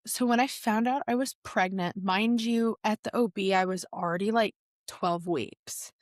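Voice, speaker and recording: A young woman, a podcast guest, retelling a personal story in a lively way and laughing often. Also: medium pitch, normal speed, no echo, clean studio sound. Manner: animated retelling, laughs often, acts out quotes.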